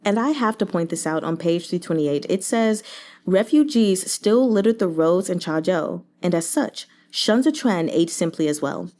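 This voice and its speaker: Animated, sarcastic young woman chatting about a book. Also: lowish voice, moderate pace. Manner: animated, sarcastic asides and silly put-on voices. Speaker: book reviewer reading along. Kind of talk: casual chat about a novel.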